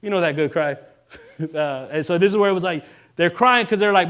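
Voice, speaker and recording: A male minister giving a relaxed, conversational sermon, joking now and then and often checking in with the congregation. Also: sits high, brisk, smooth. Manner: casual and joking, keeps asking the congregation "right?".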